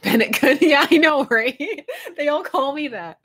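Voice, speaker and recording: A woman's voice: sits high, animated, unhurried, a bit bright. A woman hosting a casual live stream, chatty and rambling, laughing often as she answers viewers. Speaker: fandom channel host.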